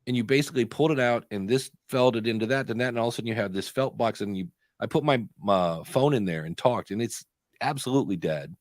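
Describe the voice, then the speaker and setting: A man co-hosting a podcast live stream, telling stories in a chatty way and often pausing to hunt for the next word. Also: medium pitch, no echo, studio quality. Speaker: podcast co-host. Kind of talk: casual chat on a live stream.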